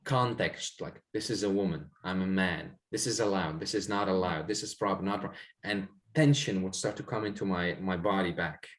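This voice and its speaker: A man with a low voice talks a little fast, barely pausing, as a guest in casual conversation. He recounts a spiritual experience in a reflective, rambling way, full of fillers and repeated words.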